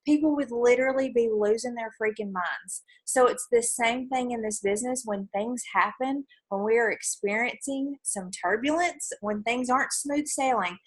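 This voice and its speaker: A woman's voice: fairly high pitch, normal speed, hardly any pauses, husky. A woman giving an earnest, encouraging talk to fellow team leaders on a video call.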